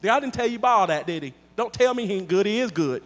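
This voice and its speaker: A man with a high voice preaches to his congregation, telling a story in a lively, joking, chatty way. His voice rings out with a long reverb, as if in a large church hall. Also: fast talker. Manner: animated, joking, conversational. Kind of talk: storytelling sermon.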